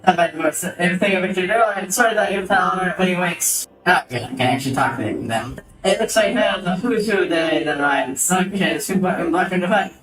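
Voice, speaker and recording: A man's voice: high voice, fairly quick, hardly any pauses. A man streaming a game, commenting casually in a rambling, swearing way that keeps cutting itself off. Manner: rambling, swearing, self-interrupting. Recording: roomy, distant mic, faint music.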